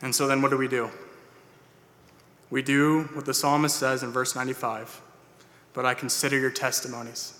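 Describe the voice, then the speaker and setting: Man, pastor preaching, earnest, plain, sharp bright voice, long church reverb. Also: medium pitch, flat delivery, normal speed, long pauses. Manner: earnest, plain-spoken, with filler "uh"s and restarts. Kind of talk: sermon. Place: church sanctuary.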